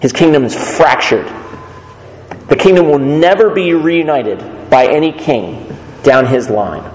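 A man's voice: on the high side, animated, a little slow, a little mellow, a little hiss or hum. A male pastor giving a sermon in a conversational, emphatic way. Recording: echoey hall reverb.

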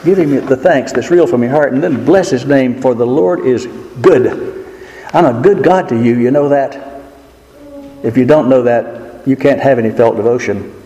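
Earnest preacher in an echoey hall. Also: male voice, medium pitch, warm tone. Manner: earnest, emphatic, with slow drawn-out stresses. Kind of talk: sermon. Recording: echoey hall with faint noise.

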